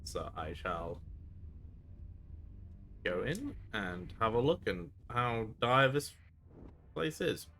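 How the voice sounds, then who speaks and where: A man's voice: mid-range voice, big pitch swings, slow pace, gravelly, long pauses, sharp tone, faint music behind. A man streaming a space game, thinking aloud in a wry, understated way as he plays. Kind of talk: casual gameplay commentary.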